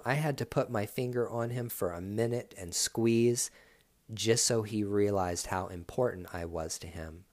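A man's voice: lowish voice, measured pace, a little mellow. A man, a dancer, telling a story from his own life in a blunt, profane way. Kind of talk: casual storytelling.

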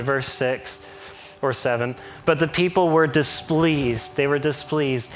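A man preaching a sermon in an animated way, with playful asides and acted-out quotes. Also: medium pitch, takes it slowly, slight background noise. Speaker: pastor.

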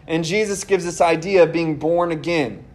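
A high-pitched young man preaching a sermon as pastor of his church. He talks earnestly and conversationally, turning to his listeners with casual asides. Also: moderate pace, a little mellow.

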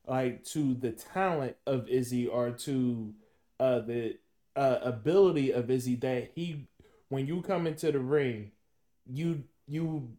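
A man hosting a sports podcast, asking long, halting questions with many restarts in casual chat. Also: medium pitch, dark tone. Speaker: podcast host.

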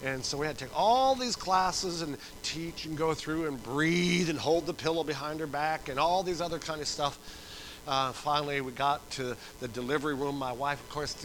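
Animated pastor preaching. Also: male voice, a little high, poor audio. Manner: animated storytelling, acting out voices, swings from soft to loud. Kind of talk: sermon.

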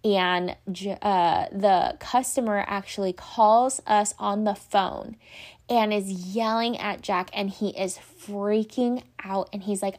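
A woman's voice: medium pitch, takes it slowly. A young adult woman telling a story in a casual, chatty way, full of fillers like "like" and "um". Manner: chatty, animated, many fillers like "like" and "um". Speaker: vlogger.

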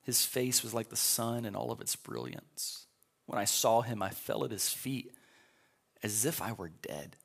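Gravelly-voiced pastor teaching Sunday school. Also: male voice, medium pitch, unhurried, a bit bright. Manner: conversational, reads scripture aloud and explains it. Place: live class in a church.

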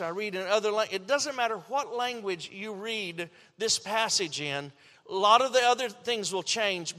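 A man with a very high, bright voice preaches a slow, deliberate sermon. He tells the story animatedly, acts out quotes and often stumbles into restarts. His voice rings with a long hall reverb.

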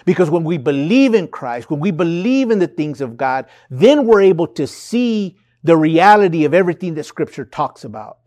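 A man's voice: on the high side, sing-song, moderate pace, few pauses, darkish tone. A man preaching a sermon in an earnest, conversational way, reading and explaining scripture. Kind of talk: sermon podcast.

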